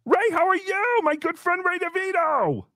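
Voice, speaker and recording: A man playing a cheery, childish host character in a comedy livestream, talking in a sweet, drawn-out, sing-song way. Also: very high voice, very animated, bright, forceful tone, dry recording, studio quality, exaggerated voice. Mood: bewildered.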